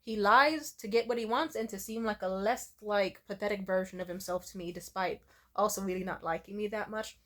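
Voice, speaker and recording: A woman's voice: mid-range voice, brisk, a bit bright. A young woman telling personal stories in a casual confessional vlog, candid and rambling, swearing freely and filling her talk with "like". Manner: candid, rambling, profane, full of "like". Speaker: vlogger.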